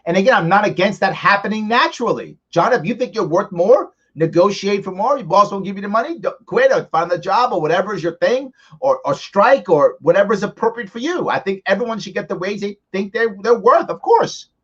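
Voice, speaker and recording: A man talks his way through viewer questions on a live ask-me-anything stream, conversational and building his case by examples. His voice sits on the higher side and rises and falls with a lot of movement. The stream audio sounds a little muffled and lo-fi. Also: fairly quick, hardly any pauses, slightly rough. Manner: animated, conversational, arguing by examples. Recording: slightly dull lo-fi stream audio.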